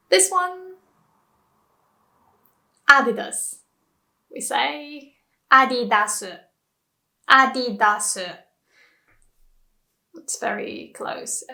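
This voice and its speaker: A young woman whose first language is Japanese, hosting a casual language lesson. She laughs often and slows down to model pronunciations. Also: a little high, pushed and bright. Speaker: Japanese language teacher and channel host.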